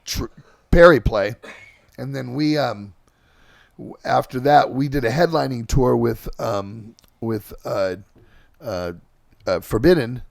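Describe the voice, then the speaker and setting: A middle-aged man hosting a podcast, telling band stories in a halting, casual way with lots of fillers and restarts. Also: mid-range voice, gravelly, no echo, studio quality. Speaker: podcast host and band singer. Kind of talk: casual rambling storytelling.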